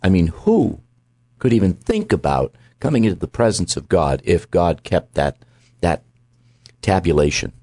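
A man's voice: low voice, big pitch swings, normal speed, dark tone, no echo, studio quality. A man hosting a Christian talk show, teaching emphatically from scripture and often repeating words as he goes. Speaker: host.

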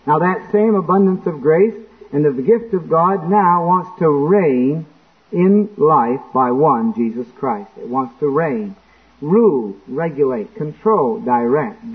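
A man preaching a sermon in church, acting out quotes and breaking into sudden shouts. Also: on the high side, lively intonation, a little slow. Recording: tinny lo-fi phone-like recording.

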